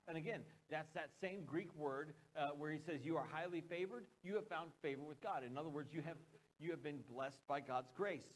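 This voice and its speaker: A man's voice: fairly high pitch, lively intonation, brisk, rough recording. A man with an American accent preaching a sermon as a pastor, conversational, with joking asides and questions to the congregation.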